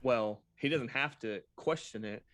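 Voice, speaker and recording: A man plays in a tabletop game, chatting casually with the game master. He asks quick questions out of character. His voice sits at an ordinary middle pitch. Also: fairly bright tone, no room sound, studio quality. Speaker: player.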